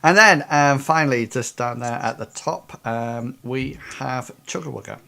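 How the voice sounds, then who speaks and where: A man's voice: medium pitch, measured pace, vocal fry, bright, forceful tone. GM type: a chatty man with a mid voice, talking over a video call, often stopping to restart. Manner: chatty, hesitant with fillers and restarts. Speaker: game master. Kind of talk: hosting a tabletop game over video call.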